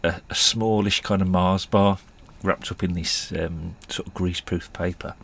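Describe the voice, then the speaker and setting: A man's voice: sits low, steady tone, moderate pace, vocal fry, fairly bright tone. A man, telling stories in a rambling, self-deprecating way and chuckling often. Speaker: podcast host. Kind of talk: casual storytelling monologue.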